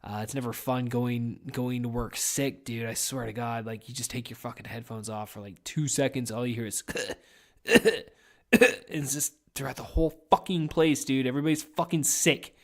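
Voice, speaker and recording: A man's voice: medium pitch, fairly even intonation, normal speed. A young man hosting a podcast in casual, rambling solo chat, swearing constantly and getting over a head cold. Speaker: podcast host.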